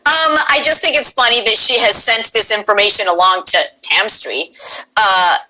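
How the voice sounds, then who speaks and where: Bright chatty woman streamer. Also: medium pitch, a little hiss or hum, rough recording. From Colombia. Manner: chatty, giggly, quick asides to chat. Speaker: streamer host. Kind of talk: casual live-stream chat.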